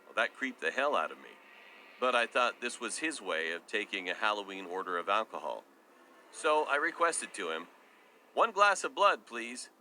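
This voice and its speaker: A man narrating a scripted first-person horror story with a steady, even reading. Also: fairly low pitch, moderate pace, slight background noise.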